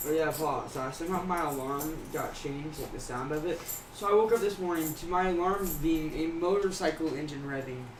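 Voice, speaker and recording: A man's voice: a little high, brisk. A young man co-hosting a livestream who chimes in briefly in a laid-back way. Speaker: co-host. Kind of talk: casual live-stream chat. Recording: echoey room, from far off, noisy.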